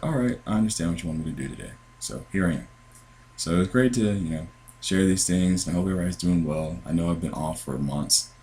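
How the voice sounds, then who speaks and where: Low voiced guy talking into his computer, earnest, rambly, lots of ums and restarts. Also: darkish tone, slight background noise, rough recording. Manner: earnest, meandering, many fillers and restarts. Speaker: Christian podcaster sharing dreams. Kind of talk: casual spoken testimony. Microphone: computer with headphones.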